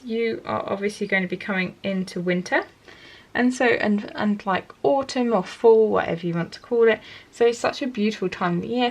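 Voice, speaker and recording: A woman talks through a tarot card spread in a relaxed, chatty way. She keeps stopping and restarting as she guesses at the animals on the cards, and she speaks to the viewer in a gentle, encouraging tone. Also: medium pitch. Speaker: tarot reader. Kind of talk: casual tarot reading to camera.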